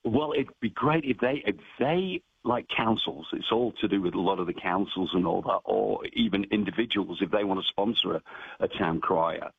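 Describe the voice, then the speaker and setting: A man's voice: lowish voice, normal speed, vocal fry, slightly rough, no room sound. A man working as a town crier, chatting animatedly in a radio phone interview. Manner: chatty, animated, bursts into bellowed cries. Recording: dry tinny phone line.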